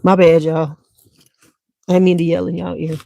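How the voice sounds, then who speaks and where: A woman's voice: on the low side, level tone, moderate pace, creaky, dark tone, no echo. A woman hosting a beauty channel in a casual livestream chat at home. She talks straight to viewers, swears freely, and wears a clip-on mic.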